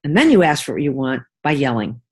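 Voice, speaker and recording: A woman's voice: extremely low pitch, sing-song, fast, husky. An older woman, an interview guest, telling personal stories and acting out the voices of people she quotes. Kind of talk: interview conversation.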